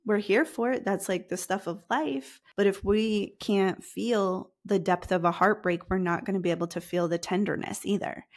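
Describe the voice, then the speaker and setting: A woman hosting a solo podcast as a money coach, talking casually and conversationally and repeating phrases for emphasis. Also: mid-range voice. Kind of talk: solo podcast teaching talk.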